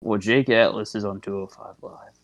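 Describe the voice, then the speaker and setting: A man co-hosting a casual podcast, joking and swearing with deadpan asides. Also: lowish voice, normal speed, creaky. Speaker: podcast co-host. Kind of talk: casual chat.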